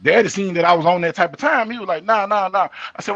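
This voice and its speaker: A man's voice: sits high, fast, hardly any pauses, no room sound, lo-fi sound. An older man hosting a casual live talk show, telling stories and acting out the dialogue of the people in them. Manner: animated storyteller acting out quoted dialogue. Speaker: host.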